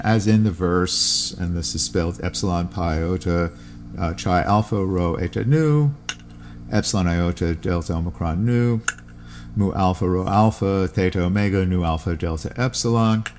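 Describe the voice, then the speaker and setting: A podcast host with a low, slightly mellow voice reads aloud from a classical text, adding plain asides and spelling Greek words out letter by letter. There is a little hiss or hum in the recording.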